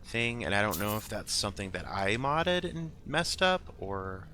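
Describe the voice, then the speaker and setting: A man's voice: on the low side, expressive, bright, forceful tone, slight background noise. A man talking casually through his own gameplay as channel host, musing aloud and often dropping to a whisper to read names. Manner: slow, musing, often drops to a whisper while reading.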